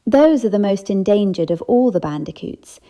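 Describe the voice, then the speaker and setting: A woman's voice: medium pitch, normal speed, lightly acted. A woman doing a smug, posh society snob. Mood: posh monotone. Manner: overly posh, monotone.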